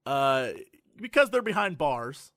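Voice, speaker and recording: A man co-hosting a podcast in casual chat, animated and lively, now and then breaking into mocking voices. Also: fairly high pitch, takes it slowly, dry recording, studio quality. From United States. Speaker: podcast co-host.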